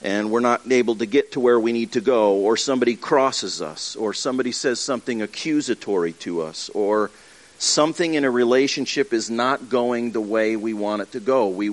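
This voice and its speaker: Man, pastor, sermon, earnest conversational tone, restarts and acted asides, mid pitch. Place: church with livestream.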